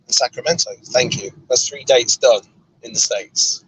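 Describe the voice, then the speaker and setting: Male host, mid-pitch, relaxed live-stream chat from a car, faint road hum. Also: normal speed, poor audio. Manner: easygoing, reads comments aloud with a chuckle. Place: inside a moving car on a road trip.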